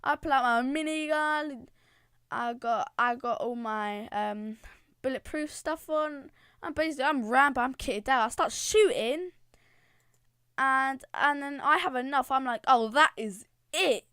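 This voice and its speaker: A woman with a high voice tells a gaming story in an excitable, rambling way. The recording is dry and close. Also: a little slow, clear, resonant tone, no echo. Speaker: channel creator. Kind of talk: casual gaming storytime narration.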